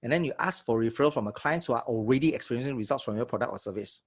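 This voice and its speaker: Man, sales trainer, live online workshop, husky, energetic, medium pitch. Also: rapid-fire. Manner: energetic, checks in with audience often.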